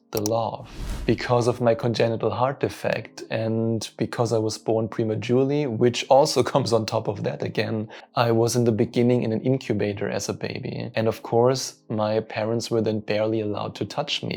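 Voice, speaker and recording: A man's voice: lowish voice, vocal fry, a little mellow. A man who coaches people spiritually, telling an earnest, openly emotional personal story straight to camera.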